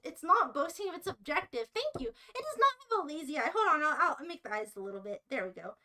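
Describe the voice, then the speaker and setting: A woman streaming live while she cooks, gushing and excitable, chatting with her viewers. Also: high voice, fast talker, slight background noise. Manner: bubbly, gushing, excitable, talks to chat. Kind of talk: casual live-stream chat while cooking.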